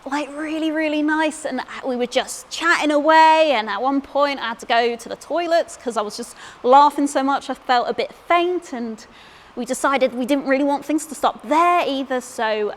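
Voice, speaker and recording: A woman's voice: high voice, big-room sound, slight background noise. A young woman from England tells a comic personal story on a theatre stage. She is chatty and self-deprecating, and often stumbles over repeated words. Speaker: solo performer.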